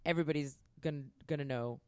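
Animated, swearing woman in casual chat. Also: sits low, brisk, smooth, no room sound. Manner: emotional, swearing, animated storytelling.

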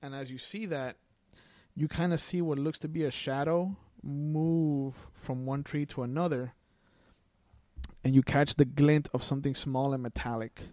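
Mellow-voiced man narrating as game master. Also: mid-range voice, fairly even intonation, moderate pace, dry recording, studio quality. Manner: loose, descriptive narration full of "like" and "kinda".

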